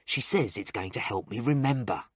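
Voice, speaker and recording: A man's voice: lowish voice, animated, moderate pace, husky, no room sound, clean studio sound. A man narrating a graded-reader story for English learners in a plain, carefully spaced way, with short sentences.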